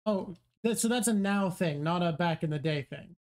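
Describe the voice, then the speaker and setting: A woman hosting a casual chat and tossing in dry, joking remarks. Her voice is low and mellow. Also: normal speed. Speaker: show host.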